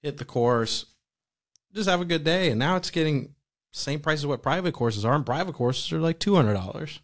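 A man's voice: on the high side, expressive, moderate pace. A man, co-hosting a podcast in an easygoing casual chat, laughing often. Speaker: podcast co-host.

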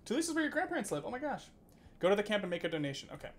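A man's voice: high voice, big pitch swings, racing, a little hiss or hum. A man streaming a video game, chatting casually, reading game text aloud, laughing and swearing now and then. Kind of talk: casual gameplay commentary.

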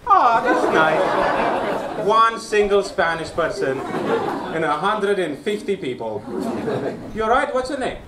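A man's voice: high voice, sing-song, slow, pauses often. A man from Romania doing stand-up comedy in a small basement club, teasing the crowd and checking in with them. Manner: playful, teasing, checks in with "right?". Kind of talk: stand-up set with crowd work. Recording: echoey room mic from far off, loud crowd and noise.

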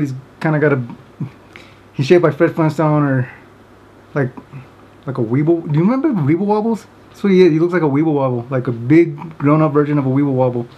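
A man's voice: on the high side, fairly even intonation, normal speed, pauses often, highs cut off. A man casually telling a funny story to camera, rambling with many fillers and often breaking into laughter. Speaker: vlogger.

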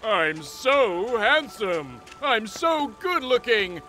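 A man's voice: extremely high pitch, big pitch swings, normal speed, over music, low-quality recording. An actor voicing a vain, arrogant male lion in a children's cartoon, with a boastful, theatrical delivery. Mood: vain, shocked.

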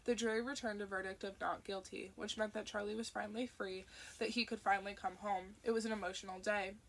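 A woman voicing a steady, plain-spoken uncle who recounts things matter-of-factly. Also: medium pitch, fast, a little hiss or hum, lightly acted.

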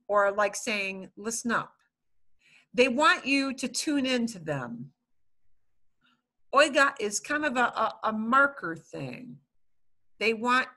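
Female language teacher, bright higher voice, slow and animated, patient explainer. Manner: patient, explains slowly, repeats words. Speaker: Spanish teacher. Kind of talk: online language class.

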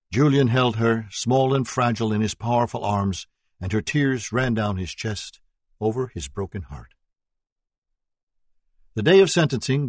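A man narrating a true-crime audiobook in a steady, sober reading voice. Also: mid-range voice, husky, dry recording.

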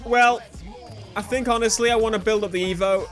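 A man commentating his own racing-game playthrough, with an unusually high voice. He is excitable, bursting into yells and then dropping to low mutters. Game music plays clearly underneath. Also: a little fast. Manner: excitable, swings from yelling to muttering. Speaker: gaming channel host. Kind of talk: let's play commentary. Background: racing game music and engine sounds.

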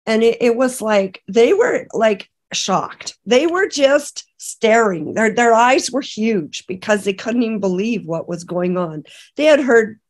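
A middle-aged woman from Canada, a podcast guest, telling an emotional personal testimony in a halting way with many restarts. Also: on the high side, expressive. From British Columbia, Canada. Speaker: interview guest.

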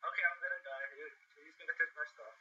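A man's voice: a little high, quick pace, sharp tone, breathy edge, highs cut off. A young man playing along in casual gaming chat, goofy and playful, calling out his own moves. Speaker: player. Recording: distant, thin voice chat.

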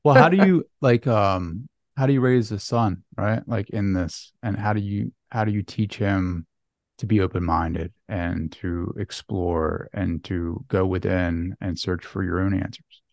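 A man hosting an interview, asking earnest, halting questions. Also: low voice, a little mellow, no room sound. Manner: earnest, hesitant questioning with fillers. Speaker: podcast host.

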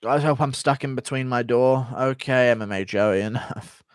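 Brief: male streamer, casual and profane, mid-pitched voice, dry close sound. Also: normal speed, smooth, dry recording. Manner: crude, profane, joking banter while reading donations. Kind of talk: casual live-stream chat.

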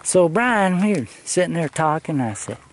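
Walking along a hillside road outdoors, a travel vlogger with a highish, very animated voice tells his viewers a rambling story at normal speed. He swears freely and keeps his delivery loose and profane.

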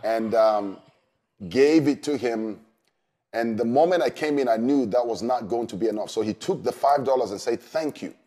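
Brief: male pastor, warm mellow tone, mid pitch, earnest storyteller who leans on fillers. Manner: earnest, unhurried with many fillers. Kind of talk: storytelling testimony.

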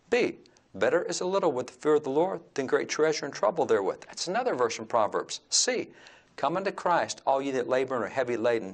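A man's voice: medium pitch, gravelly. Earnest Texan man explaining history. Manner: earnest, lecturing, reads aloud from old books. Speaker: interview guest, historian. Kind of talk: informal explanatory talk. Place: room surrounded by old textbooks.

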